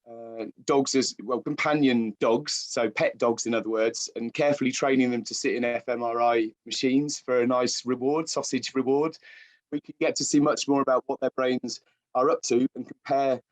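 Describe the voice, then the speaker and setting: A British man with a croaky voice giving a public lecture as guest speaker, hesitant with many fillers and restarts. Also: mid-range voice, steady tone, normal speed. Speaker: guest speaker, science writer.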